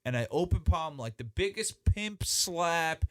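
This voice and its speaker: A man telling a story as a podcast guest in casual chat, animated and profane, with many restarts. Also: on the high side, a little slow, dry recording, clean studio sound.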